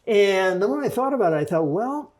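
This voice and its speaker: Interviewed on a podcast, a sixty-something author and forensic psychologist reflects his way through a story at a measured pace, frequently starting over mid-thought. He has a high-pitched, expressive voice with a darkish tone.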